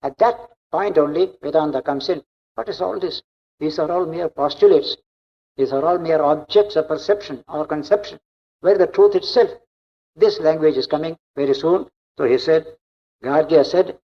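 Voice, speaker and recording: Monk lecturer, slightly high voice, dull old lo-fi recording. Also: male voice, normal speed. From India. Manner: explanatory, repetitive, emphatic. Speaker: monk giving a spiritual discourse. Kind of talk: spiritual lecture.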